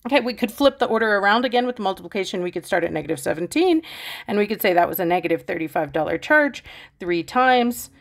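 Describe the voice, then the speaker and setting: A woman's voice: medium pitch, lively intonation, quick pace, gravelly. A woman teaching a math lesson, chatty and playful, talking straight to her students and acting out their questions. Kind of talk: casual explaining math lesson.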